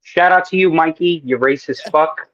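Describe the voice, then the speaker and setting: A man co-hosting a podcast, telling stories in a casual, profane, animated way. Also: on the high side, moderate pace, no echo, muffled recording. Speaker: podcast co-host. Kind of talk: casual storytelling chat.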